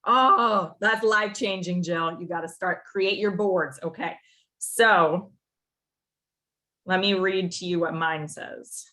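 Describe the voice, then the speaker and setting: Young female team leader, animated and rambling coaching style, video call audio. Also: lowish voice, slow. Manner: animated and rambling, heavy use of "like". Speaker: team leader training her sales team. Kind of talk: casual coaching talk.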